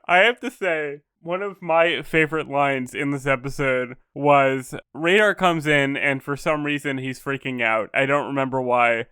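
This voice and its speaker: A man co-hosting a casual podcast, talking in a relaxed, wry way with plenty of fillers. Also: mid-range voice, normal speed, few pauses, clean tone, dry recording, studio quality. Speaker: podcast co-host. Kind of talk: casual chat.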